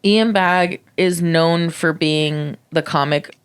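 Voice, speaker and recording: A woman's voice: slow, clean tone. Swearing, laughing young woman comic. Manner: animated, swears a lot, laughs often, acts out quotes in a high voice. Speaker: podcast co-host and stand-up comic. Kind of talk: casual chat, storytelling.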